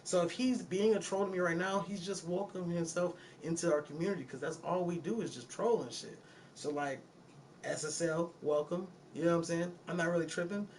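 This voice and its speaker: A man's voice: on the high side, brisk, darkish tone, slight background noise. A man with a Detroit accent, a music producer talking casually and profanely to his livestream viewers from a recording studio, laughing between remarks. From Detroit, USA. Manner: loose, profane, frequent laughing asides.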